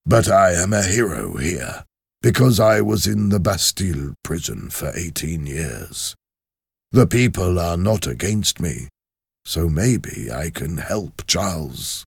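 A man voicing a quiet, resolute elderly male doctor in a storybook reading. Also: low voice, very animated, slow pace, creaky, breathy edge, dry recording, clean studio sound, full character voice. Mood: grave. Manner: quiet, grave.

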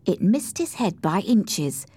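A woman narrating a storybook in the first person, slow, clear and expressive. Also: mid-range voice, no room sound. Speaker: audiobook narrator.

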